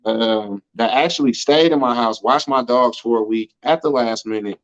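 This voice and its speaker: A man's voice: mid-range voice, normal speed, dull audio. An American man casually telling stories in an interview, loose and slangy, always checking in with "you know what I'm saying.". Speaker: interview guest. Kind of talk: casual storytelling chat.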